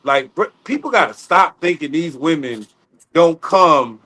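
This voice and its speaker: Guy with a sharp bright voice, slangy blunt storytelling on a stream. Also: on the high side, lively intonation, a little slow, slight background noise, rough recording. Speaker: livestream panelist. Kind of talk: casual storytelling on a livestream.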